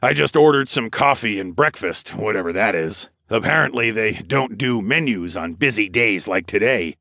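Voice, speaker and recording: A man voicing Darwin, a calm, practical adult man explaining plans in an audiobook. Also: fairly low pitch, normal speed, gravelly, no room sound, clean studio sound, heavily acted. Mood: matter-of-fact. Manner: matter-of-fact, explaining plans.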